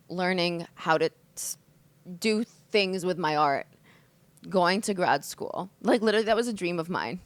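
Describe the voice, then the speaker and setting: A woman in her mid-twenties from the States talks alone on her podcast, open and emotional, swearing often and leaning on "like." Her voice sits a little low, and the sound is dry and close with no room echo. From United States. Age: 20s. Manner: candid, expressive, swears often, says "like" a lot. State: emotional, hungover. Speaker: podcast host. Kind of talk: emotional solo podcast monologue.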